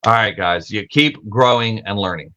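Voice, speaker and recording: A man's voice: on the low side, animated, normal speed, sharp tone, highs cut off. A young man hosting a casual livestream, rambling and self-correcting, swearing freely, with lots of filler words. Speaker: podcast host.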